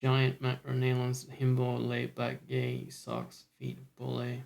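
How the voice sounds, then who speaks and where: Streamer, Scottish man, casual live chat, self-mocking and sweary, mid pitch. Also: completely flat delivery, slow pace, gravelly, darkish tone.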